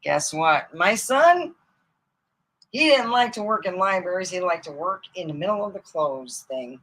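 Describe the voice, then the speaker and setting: Middle aged michigan woman rambling thru funny stories, bright pushy voice, goes loud then mumbly, laughs at her own jokes. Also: fairly low pitch, moderate pace, a little hiss or hum, poor audio. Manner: animated, rambling, swings between loud outbursts and mutters. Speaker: comedy storyteller. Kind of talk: casual comic storytelling.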